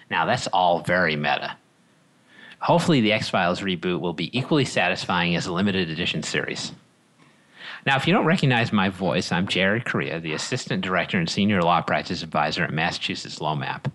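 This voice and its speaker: Male podcast host, low and bright, wry and joke-heavy. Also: poor audio. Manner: wry, joke-filled delivery. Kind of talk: scripted podcast intro and interview.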